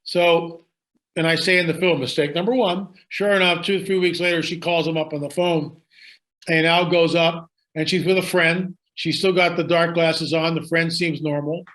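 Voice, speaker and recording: A man's voice: on the high side, steady tone, normal speed, a bit bright. A man telling a story in conversation, emphatic and dramatic, repeating lines for effect. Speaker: guest storyteller.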